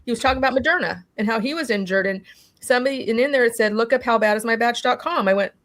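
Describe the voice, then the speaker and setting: A woman's voice: a little high, rapid-fire. A woman recounting her own experience in an interview, talking animatedly, acting out what people said and often restarting with "you know". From California. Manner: animated storytelling, acting out quoted dialogue. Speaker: interview guest. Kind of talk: personal testimony in a conversation.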